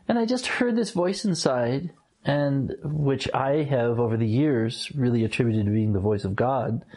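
A man tells a personal story in a relaxed conversation, laughing often and getting animated when he quotes people. His voice is husky, and his pitch moves up and down a lot. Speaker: guest. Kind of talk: casual storytelling.

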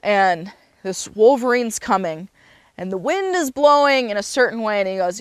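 A woman with a mid-pitched voice telling a story aloud in a loose, casual way. She talks freely, stopping to correct herself now and then. The recording is close and dry. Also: animated, normal speed, clean tone, dry recording. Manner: loose and unscripted, with fillers and self-corrections.

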